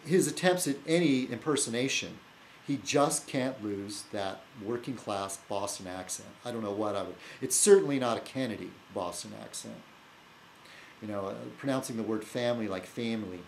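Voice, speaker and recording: Talking to camera in a rambling, teasing vlog, this man's voice sits on the low side. He stops often, using fillers, restarting and chuckling to himself, over a rough recording with slight background noise.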